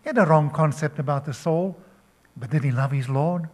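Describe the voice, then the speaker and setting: An older man preaching a sermon, slow and emphatic, asking his listeners questions. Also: on the high side. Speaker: pastor.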